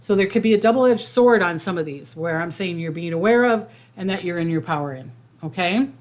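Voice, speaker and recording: A woman's voice: lowish voice, lively intonation, fairly quick, a little mellow. A woman hosting a casual psychic livestream, rambling with restarts and fillers and reading viewer comments aloud.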